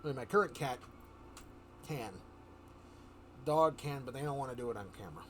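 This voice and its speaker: A man's voice: medium pitch, a little fast, a bit bright, slight background noise. A man streaming live, telling a rambling story in casual chat, often chuckling and restarting his sentences.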